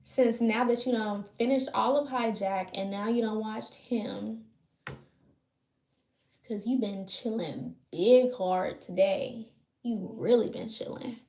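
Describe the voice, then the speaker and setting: A woman's voice: mid-range voice, slow pace, warm tone. A woman livestreaming, chatting casually with her viewers while she braids her hair. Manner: loose, chatty, talks to viewers. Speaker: livestream host. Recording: roomy echo.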